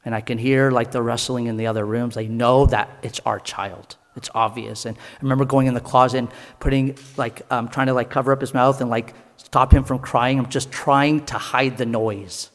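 A man's voice: mid-range voice, steady tone, fairly bright tone. Earnest man preaching in a reverberant hall. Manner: earnest storytelling, pausing between short phrases. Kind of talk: sermon testimony.

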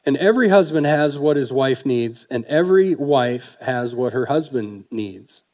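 A man's voice: mid-range voice, lively intonation, normal speed, darkish tone. A man preaching a sermon on marriage, talking in a folksy, conversational way and asking the congregation questions.

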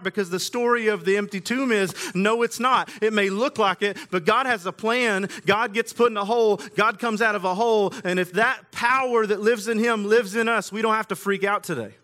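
A man's voice: sits high, steady tone, fairly quick, hardly any pauses, pushed and bright. A man preaching a sermon in a casual, conversational way, with everyday slang. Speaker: pastor.

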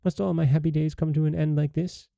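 A man's voice: a little high, flat delivery, fast, gravelly, dark tone, no echo, voice pushed up. A man voicing a proud young princess who pleads in a raised, breathless voice. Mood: terrified.

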